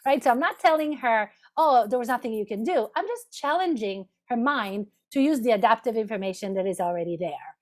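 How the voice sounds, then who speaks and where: Woman therapist, fairly high voice, teaching a lunch-and-learn over a video call, talks step by step with "right?" check-ins. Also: expressive, brisk, few pauses. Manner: explanatory, repeats "right?" as a check-in. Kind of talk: professional lunch-and-learn talk. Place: home office, video call.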